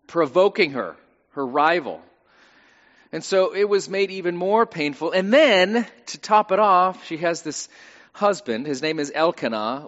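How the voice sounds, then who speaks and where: A man's voice: a little high, animated, measured pace, a bit bright. A male pastor preaching a sermon in a conversational way with wry humor, recorded in a church with a dull, lo-fi sound and long reverb.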